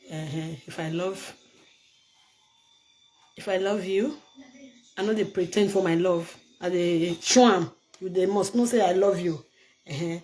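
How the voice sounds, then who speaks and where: A woman's voice: fairly low pitch, warm tone. Emphatic Nigerian Pidgin-speaking woman. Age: older. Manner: emphatic, pleading, repeats herself. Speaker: vlogger. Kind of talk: casual direct-to-camera vlog.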